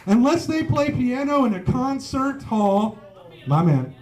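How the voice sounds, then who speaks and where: High-voiced profane stand-up comedian. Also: male voice, very animated, unhurried, a little mellow. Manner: profane, chuckles at his own jokes. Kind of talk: live stand-up set. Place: pub stage. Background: faint live audience.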